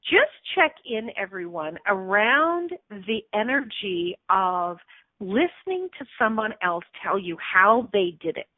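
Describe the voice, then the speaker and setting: A woman's voice: mid-range voice, sing-song, slow, dry recording, phone-quality sound. A woman hosting a self-help radio show, talking expressively and acting out anxious inner voices.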